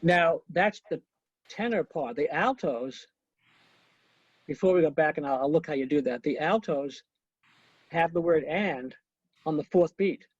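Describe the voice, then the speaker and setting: A man's voice: a little high, measured pace, pauses often, slightly rough, dry recording. A man teaching an online conducting class over a video call, coaching students and counting beats aloud, with chatty asides. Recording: muffled lo-fi video call audio.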